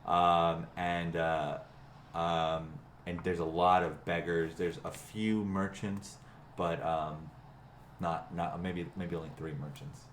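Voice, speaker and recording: Deep male game master, halting improv narration, echoey call audio. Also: level tone. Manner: halting, full of fillers and restarts. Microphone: online call mic. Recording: echoey room, faint hum.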